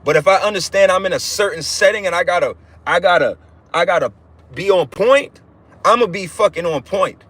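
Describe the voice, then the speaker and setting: A man's voice: high voice, expressive, brisk, fairly bright tone, slightly rough, no room sound. A man hosting a casual livestream and preaching from his car, blunt and profane, with lots of restarts. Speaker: livestream host giving religious teaching. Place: inside a car.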